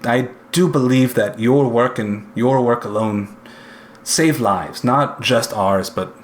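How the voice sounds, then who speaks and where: A man voicing a stern, steely male inquisitor who speaks in a measured, formal, halting way. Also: mid-range voice, a little hiss or hum, lightly acted.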